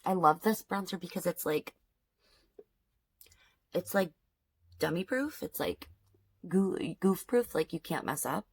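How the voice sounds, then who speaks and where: A woman in her thirties, a beauty vlogger, applies makeup at home and tells an upsetting story in an outraged, emphatic rant, repeating things for effect. Her voice is on the low side with lively intonation, vocal fry and a breathy edge, at a measured pace with long pauses.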